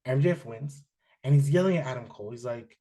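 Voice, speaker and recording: A man hosting a wrestling podcast, chatting casually with many fillers and restarts, getting animated when excited. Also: medium pitch, fast talker. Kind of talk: casual chat, reviewing wrestling.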